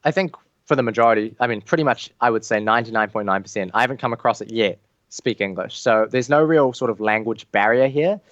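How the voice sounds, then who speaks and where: A man's voice: medium pitch, fast talker, a bit bright, no echo. A man with an Australian accent, a guest chatting casually in an interview, rambling with many fillers over a remote call. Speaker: guest raid leader. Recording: dull dry lo-fi call audio.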